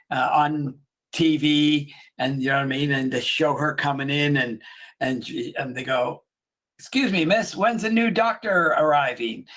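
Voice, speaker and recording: A man's voice: a little high, fairly bright tone. A man co-hosting a casual chat who rambles through a comedy retelling, laughing often and acting out the lines. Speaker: podcast co-host.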